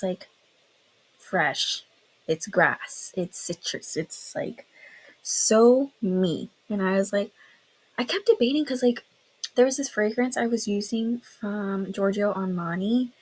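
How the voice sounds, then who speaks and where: Gushing, breathy young woman vlogger. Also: fairly high pitch, poor audio. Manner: gushing, chatty, lots of "like". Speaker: beauty vlogger. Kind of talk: casual chat to camera.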